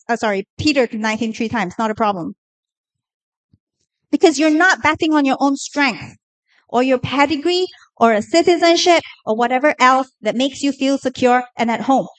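A woman preaching a sermon in a lively, conversational way, asking the listeners questions. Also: high-pitched, rough recording.

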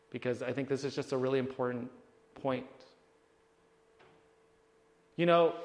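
A man giving a storytelling talk to a live audience, animated and acting out the people he describes. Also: medium pitch. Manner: animated, acts out the people in his stories. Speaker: speaker addressing an audience. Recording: long reverb of a hall.

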